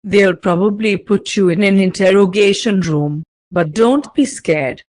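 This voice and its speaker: A woman reading as a calm shopkeeper man. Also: mid-range voice, unhurried, no room sound, natural voice. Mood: reassuring. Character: calm, reassuring older male shopkeeper.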